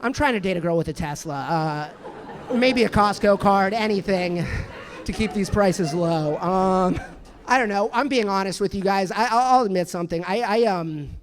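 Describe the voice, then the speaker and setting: A man's voice: high-pitched, moderate pace. A man in his thirties doing a stand-up comedy set on a club stage, rambling and self-deprecating, with lots of restarts and fillers. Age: 30s.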